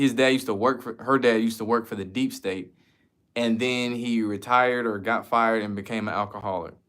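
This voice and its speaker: A man's voice: fairly low pitch, fairly bright tone. A man from the United States chatting casually as a streamer, answering viewer questions in a loose, slangy, profane way. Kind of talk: casual chat.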